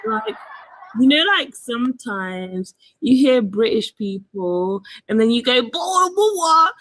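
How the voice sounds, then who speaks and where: A woman's voice: fairly high pitch, animated, slow, slight background noise. Playful teasing woman. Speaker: panelist. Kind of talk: casual chat.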